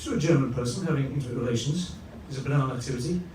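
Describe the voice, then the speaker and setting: A man's voice: medium pitch, very fast, a little mellow, recorded from a distance. A man doing a stand-up comedy routine in a pompous mock-posh manner, on a comedy club stage. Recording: roomy live venue from afar with audience noise.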